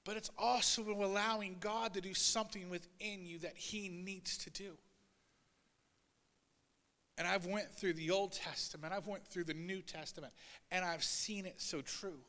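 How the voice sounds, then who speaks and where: A man preaching a sermon as pastor, swinging between loud, urgent passages and quiet asides, and voicing Bible figures in a raised voice. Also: high voice, fairly even intonation, a little slow, long reverb tail. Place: church sanctuary.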